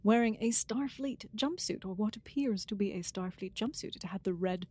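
A woman's voice: medium pitch, moderate pace, mellow, breathy edge. A woman co-hosting a podcast, chatting casually and rambling a little as she runs through points. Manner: chatty, rambling, repeats words. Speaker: podcast co-host.

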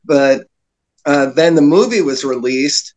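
Guy telling wild stories on a podcast, kinda high voice, does little voices for people. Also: measured pace. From New Jersey. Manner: animated anecdotes, slips into voices for other people. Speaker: guest. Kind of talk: casual storytelling.

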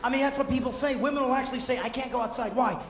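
A man performing energetic, mocking stand-up comedy on stage, acting out the voices he quotes. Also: very high voice, rapid-fire. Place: theater stage before a live audience. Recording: roomy hall with audible audience noise.

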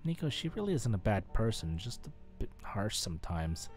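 A man voicing a composed, patient young woman while reading a visual novel aloud, with a calm, slightly dry delivery. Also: fairly low pitch, normal speed, faint music behind, voice pushed up.

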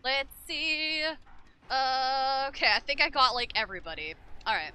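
A woman's voice: high-pitched, very animated, moderate pace, sharp tone, slight background noise. A young woman streaming a horror game, talking to her chat with frequent swearing and frustration. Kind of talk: casual game commentary.

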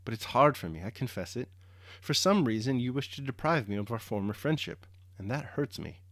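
A man reading as a gentle, sorrowful young princess. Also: lively intonation, fairly quick, no echo, clean studio sound. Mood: hurt. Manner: earnest, emotional reading of a female role in the reader's own low voice.

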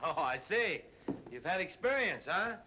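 An actor playing a good-natured young cab driver with a relaxed, teasing, coaxing way of talking. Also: male voice, high-pitched, a little slow, a little hiss or hum, exaggerated voice. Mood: easygoing. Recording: dull old film soundtrack with music.

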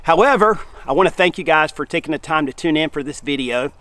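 A middle-aged man with a drawl hosts a camp cooking show outdoors in the woods. His voice sits a touch high for a man, and his talk is folksy and easygoing, even through bites of food. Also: fast, dry recording. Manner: relaxed, folksy, talks while eating. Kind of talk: outdoor cooking vlog, talking to camera.

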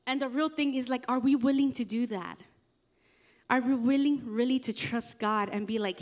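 A young adult woman, a youth pastor, preaching a casual youth sermon in a chatty, animated way with slangy asides. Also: fairly high pitch, normal speed.

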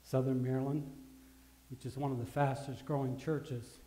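A man preaching a sermon as pastor, earnest, swinging between loud rises and hushed drops. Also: medium pitch, level tone, normal speed. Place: church sanctuary. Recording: echoey church hall.

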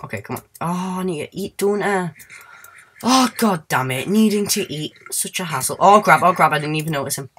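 A man chatting through his gameplay in a loose, goofy ramble. He hums little tunes, sings snatches to himself and lets out sudden high squeals. Faint keyboard clicks tick away in the background. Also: expressive, a little fast, pushed and bright, slight background noise. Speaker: let's play gamer. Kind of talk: casual gameplay commentary.

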